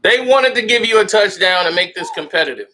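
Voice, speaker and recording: A man commentating his own football video game as he plays, excitable and shouting at big plays, grumbling when things go wrong. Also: high-pitched, fairly quick, slight background noise. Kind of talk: casual gaming commentary.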